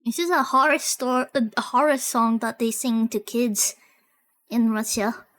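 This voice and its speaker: High pitched girl streamer, slow chatty reacting, gets excited, repeats herself a lot. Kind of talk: casual reaction stream chat.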